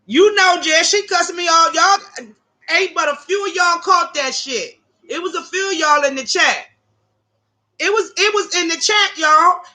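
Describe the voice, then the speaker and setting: A woman's voice: extremely high pitch, unhurried, pushed and bright. A woman hosting a livestream, telling stories to her chat viewers in a brash, profane way and talking to them as "y'all". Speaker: livestream host. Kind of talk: casual storytelling to live chat viewers.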